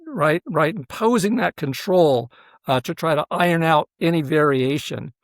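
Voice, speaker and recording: A man with a slightly raised pitch talks through his ideas in a dry, close-sounding recording. He explains earnestly, leans on fillers, and keeps checking in with "right?" as he builds his argument. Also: normal speed, no echo. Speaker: professor and researcher, interview guest. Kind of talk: explanatory interview talk.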